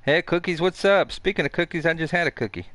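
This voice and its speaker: A man streaming a video game, chatting excitably to himself and his viewers with mild cursing. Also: a little high, quick pace, dry recording. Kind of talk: casual live gaming commentary.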